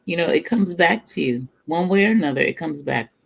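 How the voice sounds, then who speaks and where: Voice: mid-range voice, gravelly, fairly bright tone, slightly rough. A middle-aged cooking vlogger chatting casually between bites, telling stories and laughing often. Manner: talks between bites, murmurs over food. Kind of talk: casual chat while eating on a livestream.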